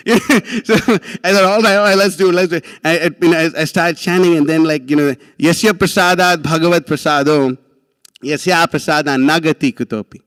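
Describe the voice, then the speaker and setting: A young man telling a story in a slangy, excitable way, often laughing, while giving a class. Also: fairly high pitch, fast talker, no room sound. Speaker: class speaker. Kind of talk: animated storytelling talk.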